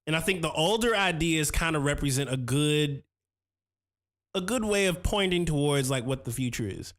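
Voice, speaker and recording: A man in his thirties with a slightly high, somewhat bright voice speaks at normal speed and with expression. He hosts a relaxed stream, reviewing beats sent in by viewers, reading their comments aloud, and talking casually and slangily about beat-making.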